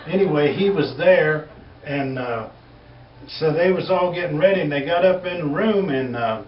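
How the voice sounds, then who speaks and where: This comedian, a Texan with a West Texas accent, speaks in a fairly high voice at a moderate pace, drawling through rambling, folksy jokes and chuckling along the way. The lo-fi recording sounds echoey, distant and dull, with a faint hiss.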